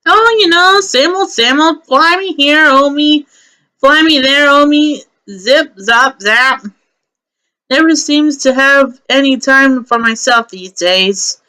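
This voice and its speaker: A woman's voice: high voice, takes it slowly, bright, forceful tone, heavily acted. A woman reading a game story aloud, voicing a busy, friendly male rabbit courier who is breezy, eager and a little boastful.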